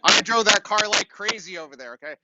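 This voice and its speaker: Heavy background noise surrounds a middle-aged university lecturer whose high, expressive voice moves fairly quickly. He's telling a chatty story during a classroom lecture, frequently pausing to ask "okay?".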